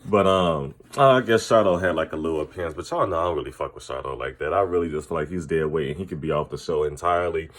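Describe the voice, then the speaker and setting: A man's voice: very deep voice, fast, few pauses. A man recapping a reality TV episode to camera, blunt and profane in an opinionated, casual way. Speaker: TV recap commentator.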